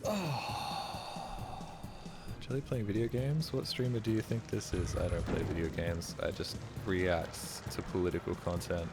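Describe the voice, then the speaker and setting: A man's voice: deep voice, fairly even intonation, unhurried, over loud music. A man streaming a video game, chatting casually with a goofy, self-mocking manner and plenty of swearing. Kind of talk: casual gaming stream commentary.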